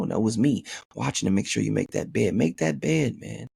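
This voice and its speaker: A man's voice: fairly low pitch, animated, fast talker, gravelly, a little mellow, husky, no room sound. A man hosting a podcast, reading a listener's email aloud and riffing on it in a joking, profane way, saying "man" constantly. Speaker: podcast host.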